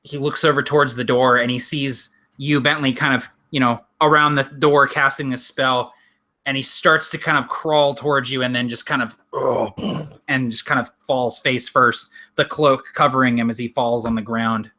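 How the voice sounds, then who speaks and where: Bright-voiced man running a tabletop game. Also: medium pitch, steady tone, moderate pace. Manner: descriptive, many ums and restarts. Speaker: game master.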